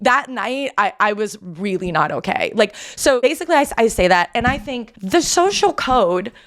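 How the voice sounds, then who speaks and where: A woman podcast host in casual chat, telling a story in an animated, self-deprecating way with quick asides. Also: a little high.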